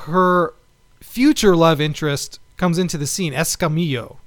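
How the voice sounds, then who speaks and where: A man co-hosting a podcast in casual chat, talking in a halting way with many pauses. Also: fairly high pitch, dry recording. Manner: halting, many fillers and restarts. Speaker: podcast co-host.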